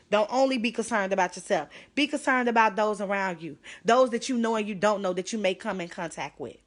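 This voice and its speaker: A woman talks straight into her phone on a live stream. Her voice is bright and forceful, urgent and pleading, and she sounds close to tears. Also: mid-range voice. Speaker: livestreamer. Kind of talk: emotional live stream address.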